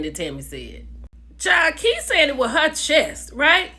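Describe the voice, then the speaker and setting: A woman vlogger recapping a reality show in a casual gossip style, animated, calling viewers "baby" and "child". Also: high-pitched, measured pace, slightly rough. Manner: animated storyteller, calls viewers "baby" and "child", laughs often.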